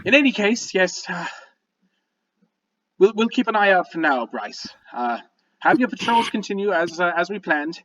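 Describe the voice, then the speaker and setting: A man's voice: high voice, sing-song, moderate pace, fairly bright tone, lo-fi sound, pitched above the performer's own voice. A man doing a flustered little gnome leader. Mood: huffy. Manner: flustered, fussy. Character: fussy sweaty middle-aged male gnome leader.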